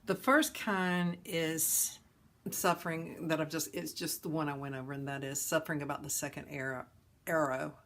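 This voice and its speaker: A woman hosting a talk on suffering, telling a parable in a gentle, folksy way. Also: low-pitched, fairly even intonation, moderate pace. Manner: gentle, folksy storyteller with chuckles. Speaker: host and teacher of a philosophy of ease.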